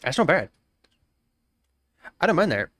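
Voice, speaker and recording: A man's voice: fairly high pitch, big pitch swings, measured pace, fairly bright tone, no room sound. A young Australian man chatting casually on a live stream, musing aloud, repeating phrases and greeting viewers by name.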